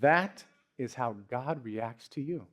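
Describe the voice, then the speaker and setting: A young adult man, a pastor, preaching a sermon in an earnest, storytelling way that swings from hushed to raised. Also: mid-range voice, lively intonation, slow. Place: church.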